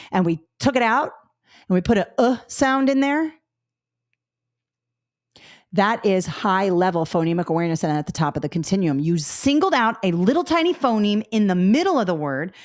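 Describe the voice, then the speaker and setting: A woman teaching a live webinar as a test prep instructor. She talks upbeat and models speech sounds with drilled repetition, checking in with listeners often. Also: mid-range voice.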